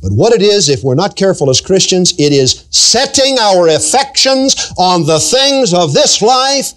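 A man preaching, his voice sitting high and swooping up and down with feeling. He draws out key phrases slowly and mimics everyday sayings to make his point. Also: very animated, a bit bright. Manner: drawn-out emphatic preaching, acting out everyday quotes. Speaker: pastor. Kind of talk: sermon.

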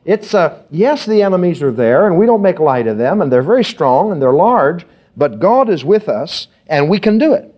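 A man's voice: fairly high pitch, sing-song, normal speed, darkish tone. A man preaching a sermon as pastor, rising and pressing hard on key phrases. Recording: dull lo-fi sound.

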